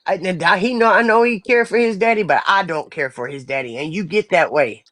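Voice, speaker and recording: A woman's voice: lowish voice, brisk, fairly bright tone. A woman in her forties chatting bluntly and profanely on a live stream. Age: 40s. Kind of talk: casual live stream chat.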